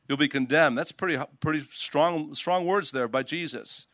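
An older man, a pastor, preaching a sermon outdoors, reading scripture aloud with emphasis and telling stories in an animated way. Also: on the high side, moderate pace, few pauses, no room sound.

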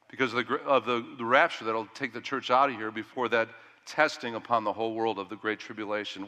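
Middle-aged pastor guy preaching, bright punchy voice, big echo in the church, gets loud then real quiet. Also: medium pitch. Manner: animated preaching that rises loud and drops to hushed. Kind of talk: sermon.

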